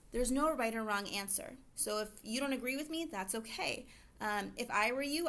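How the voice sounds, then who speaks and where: A woman's voice: fairly high pitch, fairly bright tone. A woman teacher walking other teachers through a lesson plan in a casual, chatty way, explaining each step as she goes. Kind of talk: recorded lesson walkthrough.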